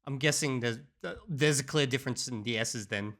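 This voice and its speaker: A man's voice: mid-range voice, brisk, fairly bright tone. A man hosting a reaction video, thinking aloud in casual commentary and trying out sounds himself.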